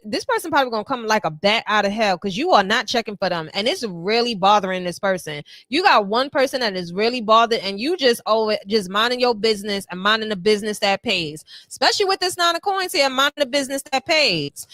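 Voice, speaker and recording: A woman with a high voice reads tarot cards for her viewers in a sassy, slangy way. She tosses off quick, playful asides and acts out little quoted lines. The sound is dry and close. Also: fairly bright tone, no room sound. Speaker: tarot reader.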